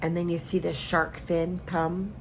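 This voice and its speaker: Home cook, woman, earnest storyteller, slow and low-pitched, noisy kitchen. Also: little pitch movement. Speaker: cooking vlogger. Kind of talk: casual chat while cooking.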